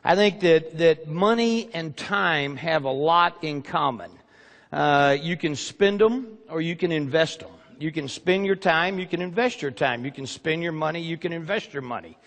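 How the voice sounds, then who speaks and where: A man's voice: a little high, normal speed, fairly bright tone. A man giving a seminar talk from a stage to a live audience, emphatic and thankful, repeating his phrases. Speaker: seminar speaker. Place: large hall with a live audience. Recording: long hall reverb, faint crowd.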